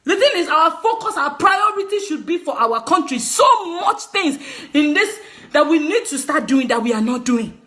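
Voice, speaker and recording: Nigerian woman vlogger, bright, animated voice, emphatic scolding rant with laughter. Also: high voice, normal speed. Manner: emphatic and scolding, laughing through her words. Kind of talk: passionate direct-to-camera rant.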